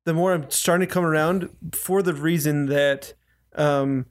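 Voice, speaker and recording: Man, casual chat, slightly high voice, rambling, stop-and-start phrasing. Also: fairly even intonation, unhurried. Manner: rambling, stammering restarts. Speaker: podcast co-host.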